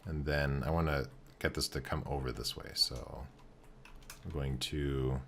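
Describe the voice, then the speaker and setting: Speaking in a very low, deep voice, a man streams himself building in a game and narrates his thoughts as he works. He sounds relaxed but stop-start, using fillers and beginning phrases over, while a faint background hum lingers.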